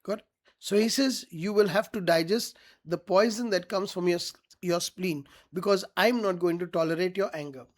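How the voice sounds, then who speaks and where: A man's voice: high-pitched, normal speed. A man teaching a literature lesson, reading each quoted line and then paraphrasing it plainly, often checking whether his students follow.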